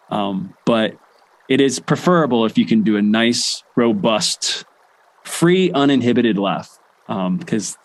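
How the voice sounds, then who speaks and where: A young adult man guiding a laughter meditation session in a relaxed way, with many fillers and restarts. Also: medium pitch. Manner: chanting rhythmic ho ho ha ha. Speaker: meditation guide.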